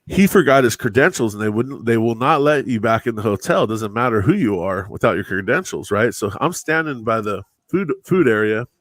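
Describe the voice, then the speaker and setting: A man's voice: mid-range voice, expressive, a little fast, hardly any pauses, no echo. A man telling stories in a casual chat on a live stream, laid-back, often laughing and calling people bro and dude.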